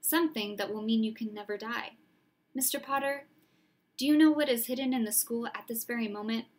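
A woman's voice: fairly high pitch, a little mellow, natural voice. Woman reading as Firenze, a grave young centaur. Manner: measured and earnest.

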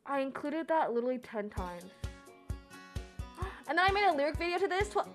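A woman in her twenties, streaming and chatting casually as she reacts, given to loud embarrassed exclamations. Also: high voice, sing-song, normal speed, soft background music. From United States. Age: 20s. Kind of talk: casual chat reacting to old videos.

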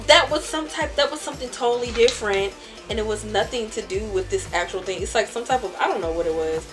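A young beauty vlogger with a mid-range, fairly bright voice does her makeup at home while chatting. Her storytelling meanders, and she breaks into laughter frequently.

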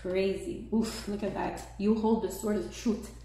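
A woman's voice: mid-range voice, unhurried, a little hiss or hum. Chatty woman in an echoey room. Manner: chatty, excitable, lots of "like" and "right?". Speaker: tarot reader. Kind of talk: casual tarot reading.

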